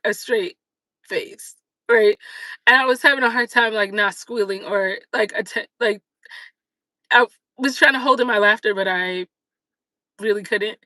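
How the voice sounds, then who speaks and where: A woman chats straight to her viewers as a livestream host, spinning a story with lots of fillers and lively asides. Her voice is bright and forceful. The sound is close and dry, with no room around it. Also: fairly high pitch, no room sound, rough recording. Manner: chatty, animated, many fillers. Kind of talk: casual storytelling chat.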